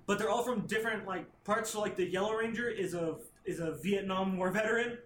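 A man's voice: sits high, a little fast, fairly bright tone, slight background noise. A man on a podcast casually recapping a comic plot, rambling and swearing, acting out characters' lines. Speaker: podcast co-host. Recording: roomy echo.

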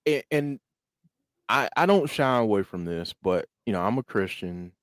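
A man's voice: on the low side, expressive, moderate pace, no room sound. A man in casual conversation about a film, speaking thoughtfully and hesitantly, often restarting his sentences.

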